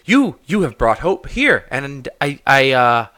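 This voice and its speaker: A man voicing a shrewd human woman in her forties who runs a trading post, flustered and quick to haggle and take offense. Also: medium pitch, very animated, sharp tone, no room sound, clean studio sound. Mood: grateful.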